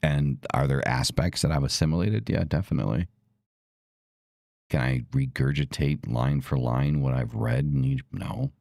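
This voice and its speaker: Very deep, gravelly-voiced man. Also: lively intonation, normal speed, darkish tone, dry recording. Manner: blunt and profane, emphatic. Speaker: podcast host. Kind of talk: casual talk.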